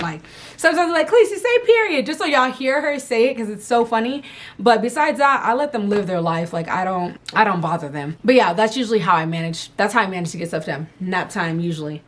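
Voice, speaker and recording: A young adult woman at home answering viewer questions about motherhood in a candid, loose, casual chat. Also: mid-range voice. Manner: frank, candid, loose and chatty.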